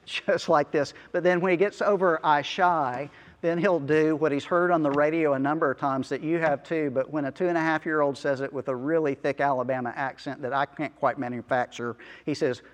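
A man preaching a sermon as pastor of a small church, speaking earnestly with soft asides and chuckles. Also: fairly high pitch, fairly even intonation, brisk, few pauses, long reverb tail.

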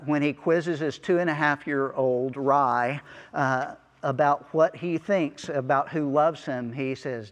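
Slow, earnest man preaching in a hall. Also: medium pitch. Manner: slow, earnest preaching with soft asides and chuckles. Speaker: pastor. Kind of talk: sermon.

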